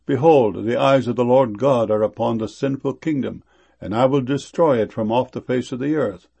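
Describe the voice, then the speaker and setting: A man giving a solemn scripture reading in a slow, measured way. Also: medium pitch, creaky, mellow, breathy edge. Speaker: scripture reader.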